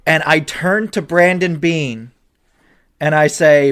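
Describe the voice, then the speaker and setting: A man on a podcast in full sports-rant mode, his fairly high voice lurching between quiet grumbles and heated, swearing outbursts. He talks casually and animatedly, piling on rhetorical questions. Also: slow pace, clear, resonant tone. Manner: animated, swearing, voice rising to near shouts when upset. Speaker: podcast co-host. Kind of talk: ranting sports chat.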